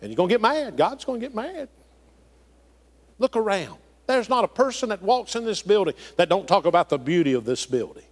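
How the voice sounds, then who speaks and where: A middle-aged pastor from the delivers a sermon with a voice that swoops between high and low. His pitch sits somewhat high for a man, and his phrasing is folksy and emphatic. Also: big pitch swings, fairly quick. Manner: preaching with rising and falling emphasis, folksy phrasing.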